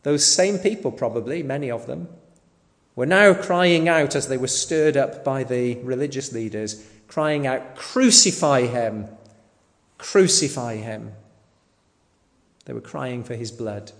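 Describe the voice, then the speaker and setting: A man preaching a sermon in a slow, deliberate way, sometimes asking the listeners rhetorical questions. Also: medium pitch. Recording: long hall reverb.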